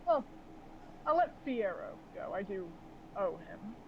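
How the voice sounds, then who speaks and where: A man's voice: high-pitched, big pitch swings, slow pace, vocal fry, narrow, tinny audio, a little hiss or hum, full character voice. A man voicing a sly, mocking male ship captain who talks in a smug, theatrical way.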